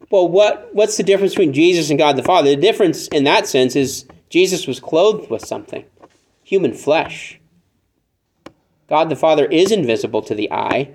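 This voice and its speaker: A man preaching a conversational sermon, teaching from scripture with joking asides and animated acted-out examples. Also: fairly high pitch, normal speed, slight background noise. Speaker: pastor.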